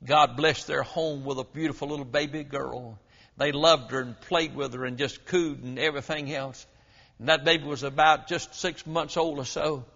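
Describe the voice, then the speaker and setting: Preacher in a big hall. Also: male voice, fairly high pitch, fairly even intonation, moderate pace, vocal fry. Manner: folksy storytelling, swinging from loud to hushed. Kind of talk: sermon. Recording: muffled, reverberant hall.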